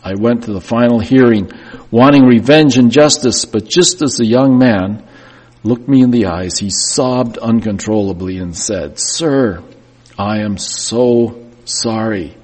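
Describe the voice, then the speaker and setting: Delivering a sermon at normal speed, a male preacher shares a painful first-person story, his husky, mid-pitched voice surging in intensity and then sinking quietly. The sound rings through a church hall and trails off in long reverb.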